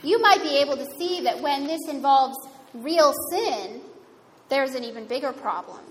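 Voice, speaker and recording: A woman's voice: sits high, a little fast. A woman giving a sermon in a conversational, wryly humorous way. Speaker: preacher. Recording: reverberant hall, faint room noise.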